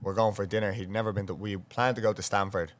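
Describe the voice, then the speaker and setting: A man's voice: lowish voice, fairly even intonation, fast talker. An Irish man co-hosting a podcast, chatting casually and eagerly setting up stories.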